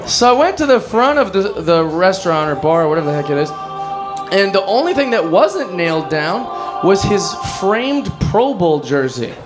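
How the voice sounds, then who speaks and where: A man telling a comic story, excitable and laughing as he acts out what people said. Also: high-pitched, moderate pace, music in the background. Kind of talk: animated comedy storytelling.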